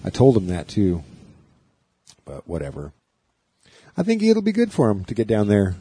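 A man's voice: on the low side, wildly swooping pitch, moderate pace, warm tone, breathy edge, no echo. A man who does stand-up comedy, telling a rambling story in casual chat and laughing along.

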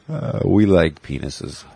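A man co-hosting a crude, joking podcast chat, animated and quick to launch into impressions. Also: gravelly, husky, no room sound. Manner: animated, joking, does loud high-pitched impressions. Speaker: podcast co-host.

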